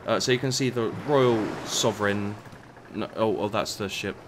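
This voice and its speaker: Rambling low-voiced man reviewing a game. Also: moderate pace, noisy background. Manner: rambling, stumbles and repeats words, mutters asides. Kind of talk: casual gameplay commentary.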